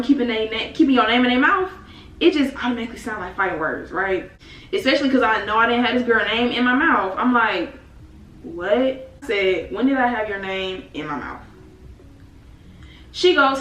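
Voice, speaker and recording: A young woman casually telling a story with animated, dramatic slang. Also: a little high. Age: young adult. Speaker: vlogger. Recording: echoey room, mic at a distance, faint noise.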